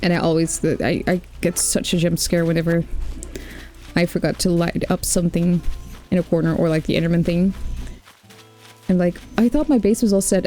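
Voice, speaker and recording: A woman streamer chatting casually while gaming, telling stories with sudden excited outbursts. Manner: animated storytelling with sudden high excited outbursts.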